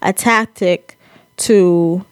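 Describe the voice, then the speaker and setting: A woman co-hosting a podcast, blunt and animated in casual chat. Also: fairly low pitch, extremely slow, no echo.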